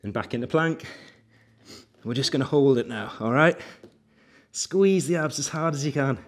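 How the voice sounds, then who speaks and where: Guiding a beginner session, this young coach calls out rep counts and spurs people on, breathless from the effort. He talks at a moderate pace in a medium-pitched voice.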